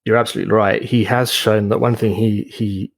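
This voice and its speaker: A man co-hosting a podcast, talking politics in a measured way with a gravelly voice and frequent hedges. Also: lowish voice, level tone, no echo. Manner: measured, hedging with "I mean". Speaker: podcast co-host. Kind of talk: casual political chat.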